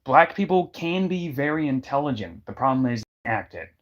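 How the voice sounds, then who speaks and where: A man's voice: mid-range voice, very animated, a little fast, highs cut off. Emphatic man in casual chat. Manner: emphatic, repeats points for effect.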